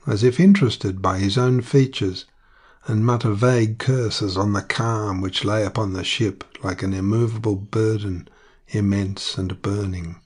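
A man narrating an audiobook in a measured, unhurried reading. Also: fairly low pitch, fairly even intonation, a little mellow, husky.

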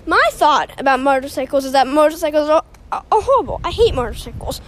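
Breathless high-voiced young podcaster, silly and rambling. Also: female voice, lively intonation, quick pace. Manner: silly, self-mocking, jumps between topics. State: out of breath from walking. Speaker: podcast host. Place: outdoors on a walk near a road.

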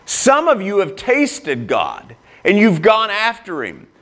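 A man's voice: high voice, wildly swooping pitch, takes it slowly, a bit bright. A man preaching a sermon as a pastor, earnest and emphatic, with a personal, confessional tone and frequent restarts.

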